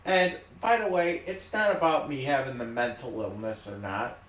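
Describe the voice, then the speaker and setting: A man talking loudly in an emphatic, repetitive rant, often checking in with "okay?". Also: mid-range voice, normal speed, echoey room. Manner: loud, repetitive, emphatic, keeps saying okay. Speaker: vlogger. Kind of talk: ranting monologue to camera.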